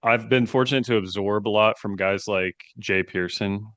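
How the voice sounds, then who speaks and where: A man co-hosting a podcast, talking in a measured, thoughtful way in casual chat. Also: on the low side, fairly bright tone, no echo. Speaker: podcast co-host.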